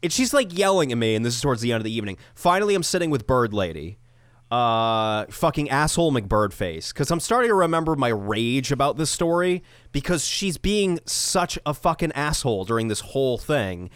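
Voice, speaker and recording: Young man, podcast co-host, animated, exasperated, cursing, dry close sound. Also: mid-range voice, a little fast, smooth, no room sound. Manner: animated, swearing, exasperated storytelling. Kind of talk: casual storytelling chat.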